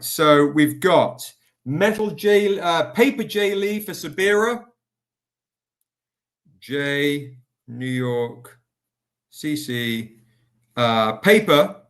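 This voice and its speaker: A man's voice: on the high side, expressive, extremely slow, long pauses, a bit bright. Upbeat man hosting a comics livestream. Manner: upbeat, chatty, greets viewers by name. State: tired, recovering. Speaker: livestream host selling comics. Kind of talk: casual live-stream sales pitch.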